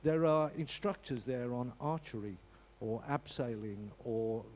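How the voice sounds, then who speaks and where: In an unhurried, mid-range voice with a darkish tone, a man reads out an informal church announcement. His delivery is chatty and jokey, with frequent stumbles and sentences begun again.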